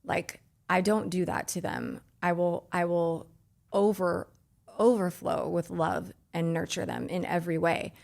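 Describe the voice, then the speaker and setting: Woman hosting a podcast, 30s, earnest and halting, lots of restarts, casual heartfelt chat. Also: on the low side, fairly even intonation, vocal fry, darkish tone. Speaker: podcast host.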